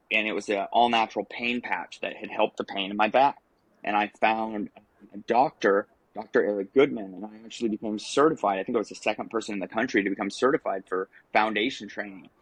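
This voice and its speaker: Male podcast guest, thirties, low-pitched, casual rambling storyteller, dry recording. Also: a bit bright, no room sound, rough recording. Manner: casual storytelling, many ums and restarts. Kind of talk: telling his life story in an interview.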